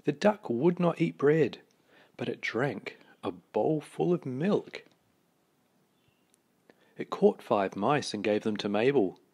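A man reading a children's picture book aloud, with slow, expressive storytelling. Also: medium pitch, slightly rough.

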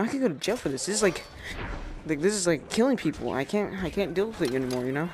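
A man's voice: sits high, animated, fast, background noise. A man giving flustered, apologetic let's-play commentary over a game. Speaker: gamer.

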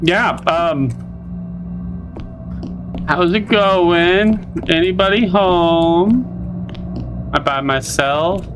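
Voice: very slow, pauses often, over music, poor audio. Nervous chatty gamer playing a horror game. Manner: nervous and chatty, switching to a high coaxing voice to talk to creatures. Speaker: let's play gamer. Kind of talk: casual horror game commentary.

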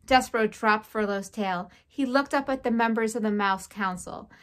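A woman teacher at home, reading a children's novel aloud to her class with a clear, expressive delivery. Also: medium pitch, normal speed.

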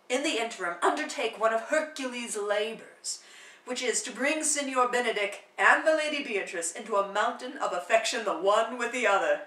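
A woman's voice: fairly high pitch, sharp tone, roomy sound, far from the mic, low-quality recording. A woman voicing a courtly, genial prince who plays matchmaker, speaking in a lordly, persuasive way in a play reading.

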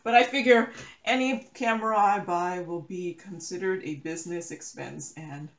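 A woman's voice: lowish voice, normal speed. Rambling woman chatting in a roomy room. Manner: rambling, self-correcting, laughs often. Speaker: crafting YouTuber. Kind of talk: casual chat while diamond painting. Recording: roomy echo.

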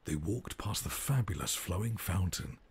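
A man narrating a rhyming bedtime story for a game in a measured storytelling cadence. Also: deep voice, animated, darkish tone, breathy edge, exaggerated voice.

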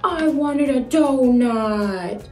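Woman voicing a whiny little male fox toy, sulky, slow, echoey room. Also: high-pitched, animated, dark tone, recorded from a distance, heavily acted. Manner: whining, wailing childishly. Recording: echoey room with faint music.

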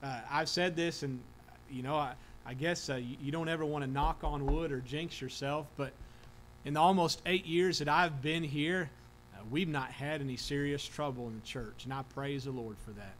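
A man's voice: a little high, fairly even intonation, normal speed, a bit bright, a little hiss or hum, poor audio. A man preaching a sermon as pastor, earnest, with frequent restarts and filler words. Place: church sanctuary.

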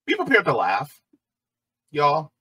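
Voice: medium pitch, huge pitch swings, slow pace, sharp tone, husky, rough recording. A commentary vlogger reacting to a clip in a sarcastic, exclamatory way.

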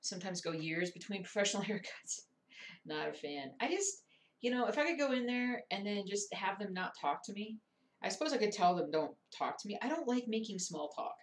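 A woman's voice: medium pitch, lively intonation, brisk. A woman chatting casually and muttering to herself while doing cross-stitch, self-deprecating and chatty. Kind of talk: casual stitch-along chat.

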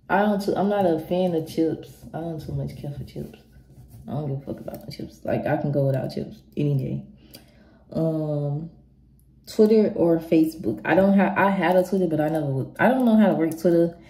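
A young woman chats her way through viewer questions in a low, mellow voice, talking bluntly, swearing freely and circling back on herself. Her voice carries the sound of an echoey room. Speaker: vlogger answering viewer questions. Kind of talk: casual Q&A chat.

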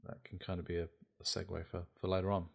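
A man's voice: sits low, level tone, quick pace, gravelly. A man hosting a casual gaming podcast, laid-back and joking as he steers the topics. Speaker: podcast host.

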